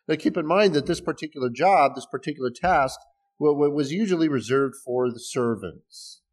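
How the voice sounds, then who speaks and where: A pastor with a voice on the high side preaches a conversational sermon at normal speed. He explains scripture with restarts and small laughs.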